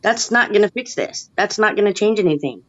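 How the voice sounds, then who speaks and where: A woman's voice: medium pitch, expressive, fairly quick, no room sound. A woman in casual video chat, venting with rising frustration and emotion. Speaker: chat participant. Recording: dull lo-fi online call audio.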